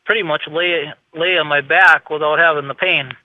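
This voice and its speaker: A man with a Minnesota accent calling into a radio show, talking in a halting, plainspoken way full of "you know" and "I mean". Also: on the high side, steady tone, no echo. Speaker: caller, former patient. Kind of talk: phone-in interview. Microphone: telephone. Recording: muffled phone line.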